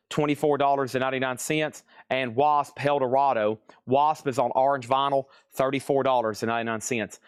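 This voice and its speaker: Guy selling records on a livestream, rattling off prices, smooth clear voice, dry close sound. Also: medium pitch, no echo. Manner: rattles off titles and prices with chatty asides. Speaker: live auction seller. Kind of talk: live-stream record sale.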